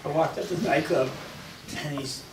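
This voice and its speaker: A former pro surfer in his fifties, with a Californian accent and a fairly high, steady voice at normal speed, is an interview guest at a live event. Laid-back and often laughing, he tells rambling travel stories and acts out voices in his anecdotes. A distant mic picks up roomy echo and noisy ambience in the large room.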